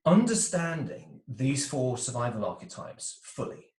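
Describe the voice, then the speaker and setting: A man's voice: mid-range voice, big pitch swings, measured pace, a little mellow, far from the mic. A man as an interview guest, coaching on relationships, talking animatedly and slipping into little voices for the types he describes over a video call. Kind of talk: explanatory interview talk. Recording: roomy echo.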